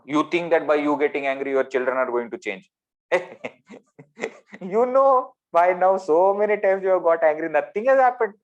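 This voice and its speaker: Animated Indian English spiritual teacher. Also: male voice, sits high. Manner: animated, rhetorical questions, swings between loud and soft. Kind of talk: spiritual discourse. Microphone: video call.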